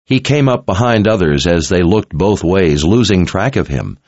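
Deep-voiced man narrating an audiobook. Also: expressive, normal speed, darkish tone, dry recording, lo-fi sound. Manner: dramatic, intense storytelling.

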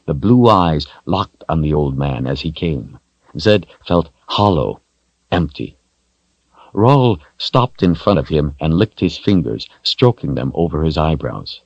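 A man reading a fantasy novel aloud in a steady, grave storytelling manner. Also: very deep voice, slow pace, no room sound, low-quality recording. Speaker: audiobook narrator. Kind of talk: scripted fantasy narration.

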